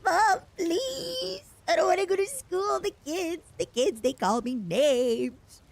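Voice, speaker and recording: Brief: woman playing a crying man-child, very high, whiny and sobbing, pleading. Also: lively intonation, slow, gravelly, full character voice. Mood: whining. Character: whiny grown man begging his mom like a child.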